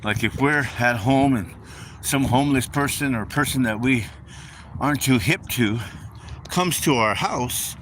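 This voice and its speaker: A male preacher delivers a relaxed, informal sermon, repeating his phrases and addressing his listeners as folks in a conversational way. He speaks unhurriedly with long pauses, his pitch rising and falling expressively, over a constant background hum.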